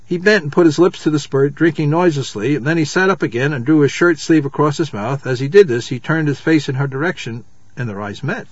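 A man reading a children's novel aloud at a measured pace, calling out the page numbers as he goes. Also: a little high, breathy edge, no room sound, dull audio. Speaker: reader.

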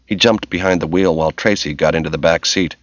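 A man giving steady, measured scripted narration of a novel, in a dull, lo-fi audiobook recording. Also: low-pitched, no room sound.

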